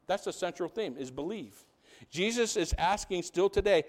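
A man preaches a sermon as a pastor in a high-pitched voice at a moderate pace. He's animated, asks the congregation rhetorical questions, and slips into quiet asides.

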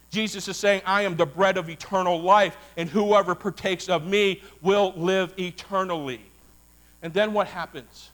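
A man preaching a sermon as a Baptist pastor, animated and folksy, calling out to his congregation. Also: a little high.

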